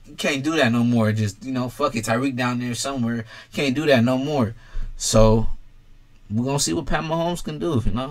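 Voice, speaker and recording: Profane, blunt young man talking football. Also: mid-range voice. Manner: blunt, profane, talks straight to fans. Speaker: sports commentator ranking quarterbacks. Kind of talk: casual sports opinion vlog.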